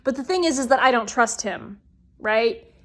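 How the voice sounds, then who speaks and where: A woman speaking bluntly to her viewers in a personal vlog, swearing freely and dropping to a hush at low points. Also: animated, normal speed. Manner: talks straight to viewers. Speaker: vlogger.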